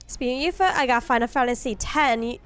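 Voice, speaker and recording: A woman's voice: on the high side, fast talker, a bit bright, faint music behind. A woman streamer giving chatty, self-deprecating commentary on a game as she plays, laughing often. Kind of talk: casual gameplay commentary.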